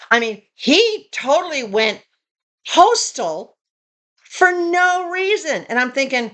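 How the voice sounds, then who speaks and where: A woman with a fairly high voice and lively, swooping pitch, talking straight to her viewers. She retells things in an animated, indignant way, in a casual vlog style. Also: measured pace. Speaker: tiny home vlogger.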